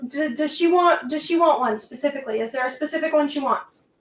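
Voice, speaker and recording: A woman's voice: sits high, a little fast, distant mic, slight background noise. A bubbly, talkative woman from Canada co-hosting a casual livestream. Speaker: livestream co-host. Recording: roomy sound from off the mic.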